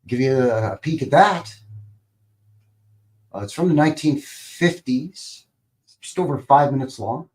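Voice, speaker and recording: On a casual livestream, a Canadian male host chats in a slightly mellow, lowish voice. He's enthusiastic and meandering, often breaking into a chuckle.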